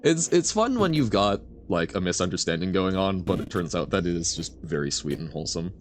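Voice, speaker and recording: Brief: male streamer, low voice with wide, bouncy swings, rambling chat over faint game music. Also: a little fast, slight background noise. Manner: animated, rambling, self-correcting, answers chat. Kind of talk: casual live-stream chat while gaming.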